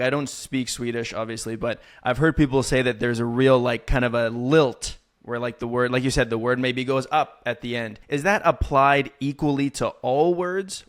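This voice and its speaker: A man hosting a casual interview, asking thoughtful follow-up questions. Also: medium pitch. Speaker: host.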